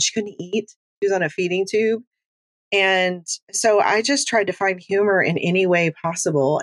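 A middle-aged woman, a grief educator and coach, talking in an animated, chatty way with self-deprecating humor as an interview guest. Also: fairly low pitch, no room sound. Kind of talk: conversational interview talk.

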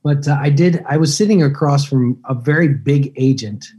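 A man in his fifties, an actor guest on a podcast, telling relaxed, rambling stories and laughing easily. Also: mid-range voice, normal speed, breathy edge, low-quality recording. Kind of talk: casual podcast interview.

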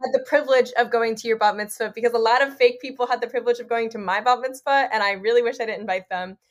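A woman's voice: a little high, fairly even intonation, fast. A young adult woman, a podcast guest, talking in an earnest, rambling way with frequent "like" and "you know". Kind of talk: casual interview chat.

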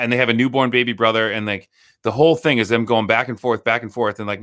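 A man's voice: mid-range voice, fairly even intonation, fast, fairly bright tone. A man in his thirties chatting casually as a podcast co-host, retelling a scary story with lots of swearing. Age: 30s. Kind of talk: casual chat.

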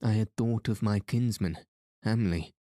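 A man reading as a calm old lord. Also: on the low side, a little slow, no room sound, studio quality, natural voice. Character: calm older nobleman, lord guardian.

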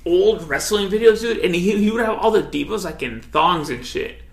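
Gravelly laid-back young guy saying "dude". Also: high voice, normal speed. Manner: laid-back, says "dude" constantly, swears freely. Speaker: podcast co-host. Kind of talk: casual chat. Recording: echoey room.

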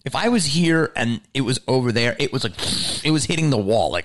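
A man telling a story in a casual, animated way, with frequent swearing and filler words. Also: medium pitch, quick pace, hardly any pauses.

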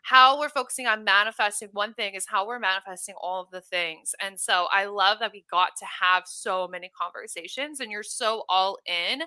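A woman hosting a podcast in casual chat, bubbly and quick to laugh, swearing now and then. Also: medium pitch, sharp tone, clear, resonant tone, no room sound. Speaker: podcast host and business coach.

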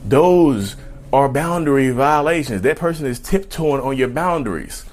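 A man's voice: medium pitch, lively intonation, a little slow, darkish tone, a little hiss or hum. A man with a slight lisp from new dental work, giving viewers a rambling, emphatic advice rant and repeating his points. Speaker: vlogger.

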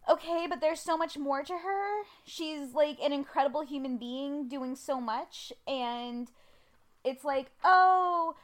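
Chatty higher-voiced woman. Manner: chatty, many fillers. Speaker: podcast co-host. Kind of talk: casual fan discussion.

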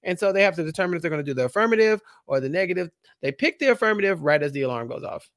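A young man co-hosting a podcast, giving animated, slangy opinions in a casual TV recap. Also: sits high, rapid-fire, no room sound, clean studio sound. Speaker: podcast co-host.

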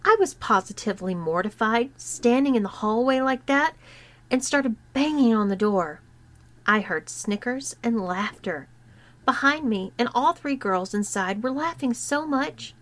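A woman narrating a written story in a slow, deliberate reading. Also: fairly high pitch, lively intonation, a bit bright. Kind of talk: scripted narration of an erotic story.

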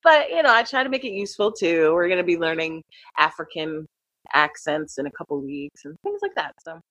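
Speaking briskly in a lowish voice, the middle-aged woman who teaches acting and accents tells lively stories in casual chat, frequently laughing and imitating voices in quotes. The audio is muffled but has no echo.

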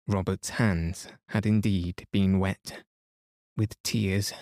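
A man narrates a bedtime story in a calm, soothing way. His voice is lowish and very slow, and the recording is close and dry with no room sound. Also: no echo. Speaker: podcast host and reader.

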